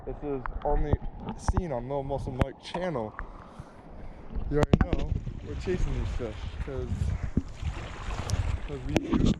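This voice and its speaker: A man's voice: medium pitch, measured pace, pauses often. A young man chatting casually to his camera as a vlogger, outdoors at the beach. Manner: laid-back, repeats catchphrases. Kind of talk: casual vlog chat. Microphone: handheld camera. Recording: loud wind and surf noise.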